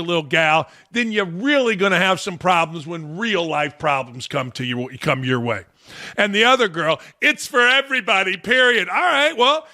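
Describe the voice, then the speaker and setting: A man's voice: high-pitched, pushed and bright. A man hosting a sports talk show, ranting bluntly and scornfully in an exasperated way. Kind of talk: opinionated podcast rant.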